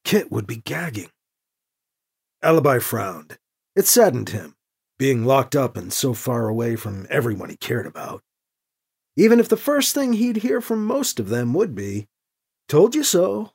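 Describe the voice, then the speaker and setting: An audiobook narrator reading with expressive storytelling. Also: mid-range voice, a little slow, gravelly, slightly rough.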